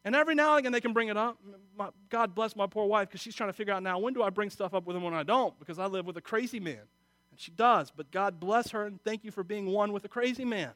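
High-voiced emotional preacher, man. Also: fast talker, no room sound. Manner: emotional, swings from quiet confiding to loud exhortation. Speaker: pastor. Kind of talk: sermon.

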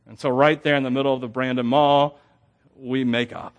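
A young man preaching a sermon, telling stories in an animated, self-deprecating way with frequent laughs. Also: medium pitch, moderate pace, dull audio. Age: young adult. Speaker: pastor.

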